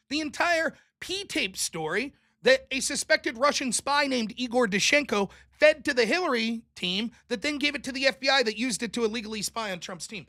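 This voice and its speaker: A man hosts his own political show alone, ranting in a sarcastic and combative way and swearing freely. His voice jumps all over the place and has a bright, sharp edge. He often mocks the people he argues against. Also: very high voice, animated, moderate pace, hardly any pauses. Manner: mocking mimicry of opponents. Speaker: political commentary host. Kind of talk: solo political rant.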